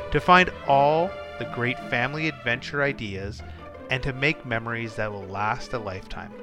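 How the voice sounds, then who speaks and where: A podcast host reading a sponsor message and introducing the story in an upbeat way. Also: male voice, mid-range voice. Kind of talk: sponsor read and show intro. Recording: music bed behind voice.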